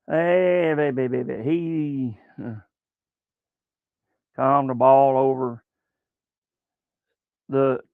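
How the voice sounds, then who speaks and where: A man's voice: fairly high pitch, no echo. A man with a Southern American accent hosting a casual sports livestream, rambling in a folksy way with many fillers as he talks to his chat. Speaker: sports show host. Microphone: webcam livestream setup. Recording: tinny phone-like sound.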